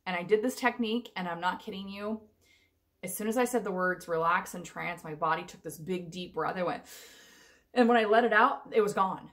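A woman's voice: on the low side, a little fast. A young adult woman telling her personal story in a casual, rambling, emotional vlog. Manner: chatty, rambling, emotional, with frequent fillers and laughs. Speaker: vlogger.

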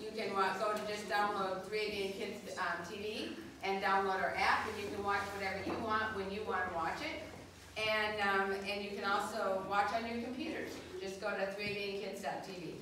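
A middle-aged woman hosting a children's show, telling a lively story to a crowd of kids and asking them questions. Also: medium pitch, normal speed, background noise. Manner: animated, asks the kids questions. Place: school hall with a live audience. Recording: echoey hall from a distant mic.

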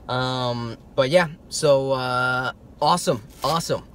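Excitable man telling a story. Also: on the high side, fairly quick, a little hiss or hum. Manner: excitable, animated, stammering. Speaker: toy-hunting vlogger. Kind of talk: casual vlog storytelling.

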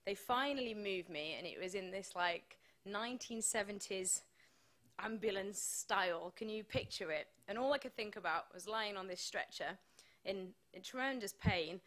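British woman telling her own story to a crowd, candid and wry, mid pitch, little laughs here and there. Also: fairly bright tone. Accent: British English. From Britain. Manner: candid, wry, laughs between grim details. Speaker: speaker at a summit. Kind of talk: personal testimony speech.

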